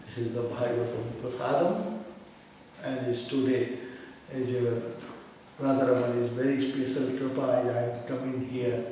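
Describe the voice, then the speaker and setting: Man preaching in a booming echoey hall. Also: steady tone, distant mic, slight background noise. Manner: halting non-native English, swells into loud chanting. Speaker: guru giving a lecture. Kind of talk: devotional sermon.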